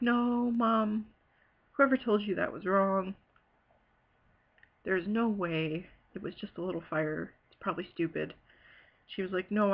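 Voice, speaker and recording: A woman from Ohio telling a personal story in a halting, hesitant way, full of fillers and pauses. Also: lowish voice, gravelly, muffled recording. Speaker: bereaved sister telling her story. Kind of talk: personal testimony.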